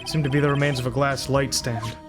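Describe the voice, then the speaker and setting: A man's voice: mid-range voice, steady tone, brisk. A man live-streaming a video game, reading the dialogue and narration aloud in his own voice. He adds blunt, crude remarks between lines, with game music playing under him. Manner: reads game text aloud with crude asides. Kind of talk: live gameplay reading and commentary.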